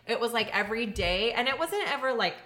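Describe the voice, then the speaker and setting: A woman's voice: fairly high pitch, animated, fairly quick, fairly bright tone. A young woman chatting casually as a podcast co-host, filling her talk with "like" and laughing often. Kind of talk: casual chat.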